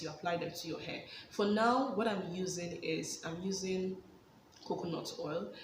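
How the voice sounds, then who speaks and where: Lady doing a hair care vlog, keeps repeating stuff for emphasis, echoey room with some noise. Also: lowish voice. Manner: emphatic, repeats words for stress. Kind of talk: casual advice vlog.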